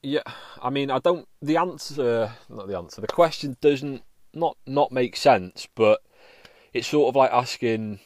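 A man runs his own podcast alone, his mid-range voice slightly mellow and his pace measured, on a dry recording. He rambles informally, often restarting thoughts and swearing here and there.

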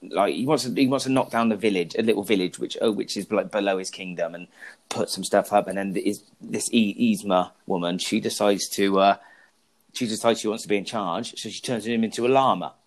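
A man with a fairly low voice banters on a podcast. He tells jokes crudely and cheekily and rambles as he recounts film plots. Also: brisk. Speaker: podcast co-host. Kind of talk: casual banter about films.

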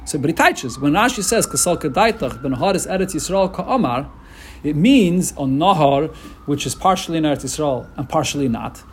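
A man giving a casual Talmud lecture, animated and emphatic, often restarting his phrases. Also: a little high, fairly quick, slight background noise. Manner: animated, emphatic, with many restarts and Hebrew-Yiddish terms. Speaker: Talmud teacher.

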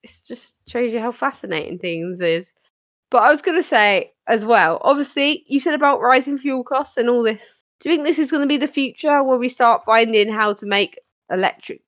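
A woman's voice: fairly high pitch, normal speed, fairly bright tone, no echo. A British woman co-hosting a casual podcast, chatty and bubbly as she reads out light news stories and laughs often. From Britain. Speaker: podcast co-host.

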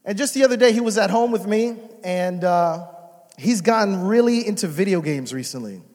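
A young adult man preaching a sermon as a pastor, moving from soft prayer to loud exhortation. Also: high voice, animated, moderate pace. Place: church sanctuary. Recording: reverberant church hall.

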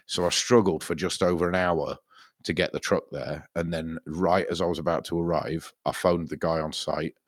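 Deep-voiced sweary man. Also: fairly even intonation, normal speed, dry recording, studio quality. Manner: sweary, rambling storyteller. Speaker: podcast co-host. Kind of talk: casual chat.

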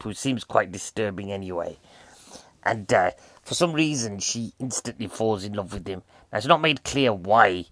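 A man's voice: fairly low pitch, no echo. A man with a British accent chatting cheekily to the viewer as he reviews a film. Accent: British English. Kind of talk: casual film review monologue.

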